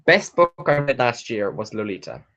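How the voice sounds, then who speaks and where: A young man hosting a casual live book chat from home, chatty and excitable, swearing freely and squealing with delight. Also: mid-range voice, moderate pace, dull audio. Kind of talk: casual livestream chat, reading out viewer questions. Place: at home, sitting in a chair.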